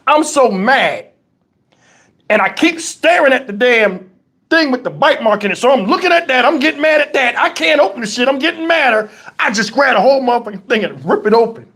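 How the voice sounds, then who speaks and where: Profane, animated man telling a story. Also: very high-pitched, slightly rough. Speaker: YouTube channel host. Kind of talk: casual livestream storytelling.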